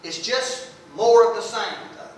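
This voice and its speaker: A man with a drawl delivers a sermon in a folksy, emphatic way and leans on repeated words. His voice sits high and bright, and he speaks slowly. He is heard from some way off the mic in a strongly echoing room. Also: slight background noise. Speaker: preacher. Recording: echoey room, voice from a distance.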